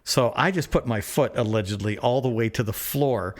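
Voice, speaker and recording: Guy on a phone call telling a story, keeps cracking up, middle pitch. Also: normal speed. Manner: animated storyteller, laughs often. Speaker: podcast co-host. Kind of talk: casual phone chat storytelling.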